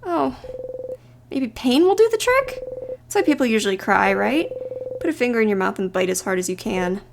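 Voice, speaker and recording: A woman streamer narrates a game playthrough in an expressive way. Her voice is high and gravelly and moves widely between hushed and loud. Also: normal speed, background noise.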